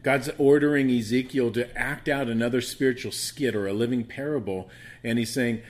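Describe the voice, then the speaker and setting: A man's voice: medium pitch, fairly even intonation, moderate pace. A man with a soothing voice teaching a Bible study, rambling with frequent restarts and fillers.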